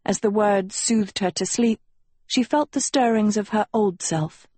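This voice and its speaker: A woman reads a fantasy audiobook in a slow, measured storytelling manner. Her voice has a husky texture at a middle pitch. The recording is close and dry. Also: dark tone, no room sound. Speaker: audiobook narrator. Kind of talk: scripted narration.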